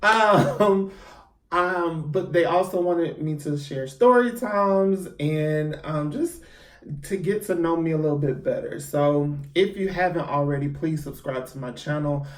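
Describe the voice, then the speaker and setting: A YouTuber tells a story to camera in a chatty, theatrical vlog, hyping himself up with lots of ums. His voice sits on the high side and he speaks unhurriedly, recorded from a distance in an echoey room.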